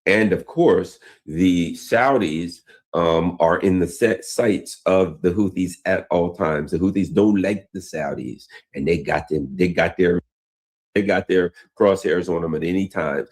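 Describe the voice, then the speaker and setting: A man's voice: low-pitched, unhurried. A man hosting a news commentary show, talking casually and rambling into old stories, with frequent restarts.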